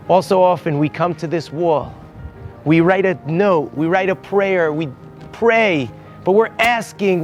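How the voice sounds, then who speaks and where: A man's voice: on the high side, normal speed, faint music behind. A man, a rabbi, telling a heartfelt story on location outdoors at a holy site. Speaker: rabbi and guide.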